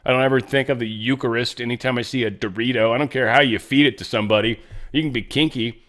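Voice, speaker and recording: Man, show host, casual political commentary, rambling, jokey asides, middle pitch. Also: steady tone, fast, a bit bright. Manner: rambling, restarts and trails off mid-thought.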